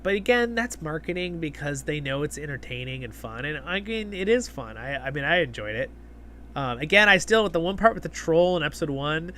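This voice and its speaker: A man hosting a live stream, rambling casually with lots of fillers and restarts. His voice is bright and a touch high. A faint hum sits behind him. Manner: chatty, reads viewer comments aloud. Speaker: livestream host.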